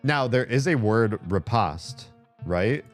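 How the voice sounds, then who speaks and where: A man's voice: fairly low pitch, lively intonation, slow pace. A man streaming a game, chatting casually and rambling aloud with plenty of fillers, with faint game music behind him. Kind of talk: casual gameplay commentary chat.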